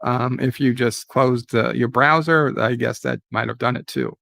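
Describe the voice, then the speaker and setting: A man's voice: mid-range voice, steady tone, normal speed, gravelly, a bit bright, dry recording. A man hosting a casual live stream, reading out viewer comments and rambling through a story with many fillers and restarts. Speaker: livestream host.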